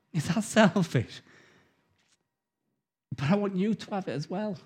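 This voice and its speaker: A middle-aged man preaching an informal sermon, telling stories with big swings from loud to hushed. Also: fairly high pitch.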